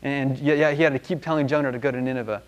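A man's voice: medium pitch, steady tone, very fast. Man casually teaching a Bible lesson. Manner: rambling and conversational, many restarts and fillers.

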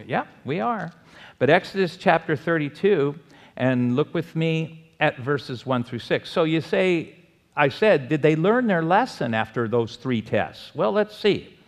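A man preaching a sermon as pastor. He swings from loud exclamations to quiet asides and has the congregation repeat phrases back to him. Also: a little high, expressive, unhurried. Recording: long hall reverb.

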